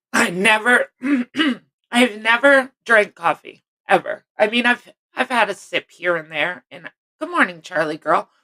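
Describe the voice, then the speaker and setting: A woman's voice: on the low side, fairly bright tone. A middle-aged woman chatting casually on a live stream, greeting viewers by name and rambling as she interrupts herself.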